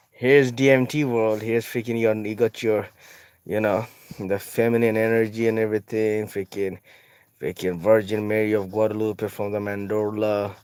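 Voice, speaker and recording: A man's voice: mid-range voice, no room sound. A man casually describing his own drawing, rambling and swearing often, with frequent laughs and trailing thoughts.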